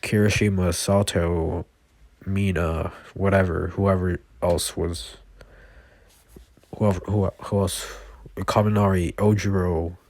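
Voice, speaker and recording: Brief: blunt strict male teacher, read by a man, low flat gravelly voice. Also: slow pace, no echo. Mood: stern.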